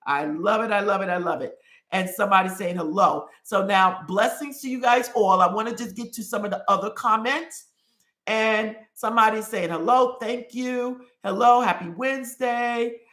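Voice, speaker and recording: A woman's voice: mid-range voice, moderate pace, a bit bright, echoey room. A woman from New York hosting a live stream, reading out viewer comments and greeting people with effusive, repeated praise. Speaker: host.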